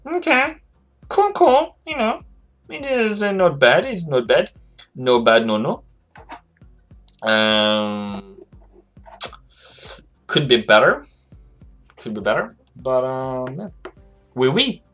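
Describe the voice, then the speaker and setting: A man's voice: medium pitch, sing-song, slow, pauses often, a bit bright, faint music behind. A man hosting a casual live stream about trading, chatting loosely and reading viewer messages aloud. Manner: rambling and chatty, reads viewer chat aloud. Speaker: livestream host, forex trading analyst.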